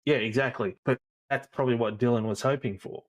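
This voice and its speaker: A man's voice: medium pitch, fairly even intonation, quick pace. A man co-hosting a podcast in casual chat, easygoing and explaining at length. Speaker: podcast co-host.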